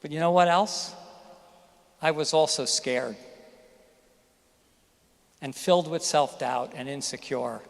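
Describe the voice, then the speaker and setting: A man's voice: fairly high pitch, takes it slowly, gravelly, pauses often. Middle-aged man giving a candid speech. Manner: candid personal storytelling, emphatic. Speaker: commencement speaker, physician. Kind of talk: graduation speech. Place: graduation ceremony hall. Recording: hall reverb from a ceremony venue.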